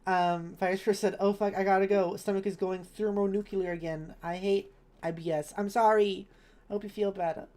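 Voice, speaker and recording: A woman's voice: on the low side, mellow. A woman streamer in casual live chat while gaming, reading viewers' messages aloud and answering them kindly. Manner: chatty and self-correcting, with laughs.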